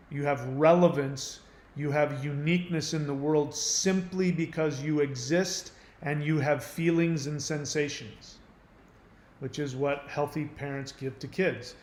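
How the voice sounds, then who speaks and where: A man hosting his channel, explaining in an earnest, emphatic monologue. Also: on the high side. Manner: earnest, emphatic, acts out quoted voices. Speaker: channel host. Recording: roomy echo.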